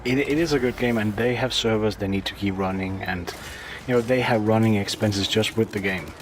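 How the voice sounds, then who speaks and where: A man's voice: fairly low pitch, brisk, slight background noise. A man co-hosting a casual podcast with dry, wry humor. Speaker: podcast co-host.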